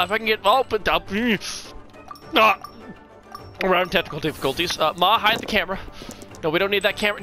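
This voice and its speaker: A hoarse, bright-toned gamer commentating a digital card match. The pitch leaps wildly between low muttering and high shouts as they taunt the opponent. Faint music sits under the voice. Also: expressive, measured pace, pauses often. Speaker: gaming video creator. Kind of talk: excitable card game commentary.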